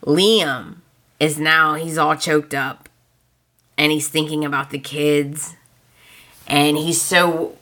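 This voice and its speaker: Low, bright-toned woman recapping a soap. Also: takes it slowly, pauses often. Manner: animated storytelling, acting out characters' lines. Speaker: podcast host. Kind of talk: casual soap opera recap.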